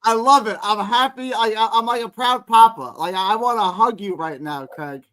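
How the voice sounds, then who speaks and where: A man's voice: high voice, moderate pace, pushed and bright. A man on a live fan stream who talks emphatically and stumbles over repeated words. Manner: emphatic, stammering restarts. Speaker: guest. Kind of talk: casual call-in chat.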